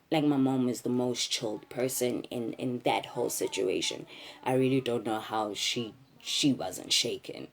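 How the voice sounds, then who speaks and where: A woman's voice: a bass voice, normal speed. A young woman frankly retelling a personal ordeal, emotional and restarting often. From South Africa. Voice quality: husky. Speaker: vlogger. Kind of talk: candid storytime retelling.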